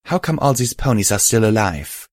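A man's voice: on the low side, very animated, moderate pace, dry recording, clean studio sound. A man voicing a cheerful, playful young female pegasus.

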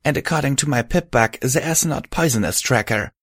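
A man's voice: medium pitch, animated, a little fast, fairly bright tone, no room sound, studio quality, pitched above the performer's own voice. A man voicing a wounded, wheezing female pegasus, weak but earnest.

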